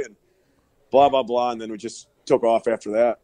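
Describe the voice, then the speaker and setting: A middle-aged powerlifter guesting on a podcast, telling rowdy, profane stories and laughing often over a remote call that breaks up. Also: male voice, medium pitch, brisk, darkish tone, dry recording. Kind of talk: casual storytelling.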